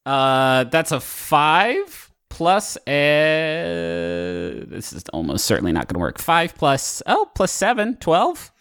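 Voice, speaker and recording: Lively, hesitant man at a game table. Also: fairly high pitch, slow, smooth. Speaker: player. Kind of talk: casual tabletop play.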